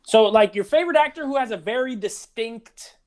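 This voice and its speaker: A man's voice: very high-pitched, fairly quick, a little mellow. A man in his thirties co-hosting a podcast, rambling in casual chat with lots of "like". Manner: rambling, heavy use of "like". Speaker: podcast co-host.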